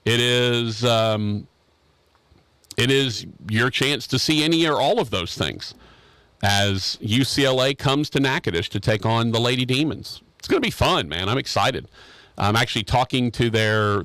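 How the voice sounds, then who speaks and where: A man's voice: mid-range voice, a little slow, fairly bright tone, no echo. Rambling, joking male radio host. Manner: rambling, joking, repeats himself. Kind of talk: casual radio show chat. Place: radio studio.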